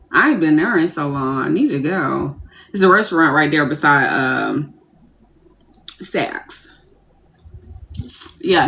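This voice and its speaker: A young woman ranting casually on a livestream, brash and profane, breaking into giddy squeals when she acts out her excitement. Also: medium pitch.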